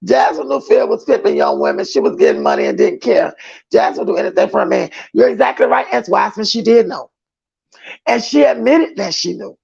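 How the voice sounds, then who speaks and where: A man's voice: high-pitched, huge pitch swings, a little fast, gravelly, a little mellow, breathy edge, highs cut off. A man hosting a livestream, chatting and gossiping casually as he reads viewer comments and greets each one as boo. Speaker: livestream host.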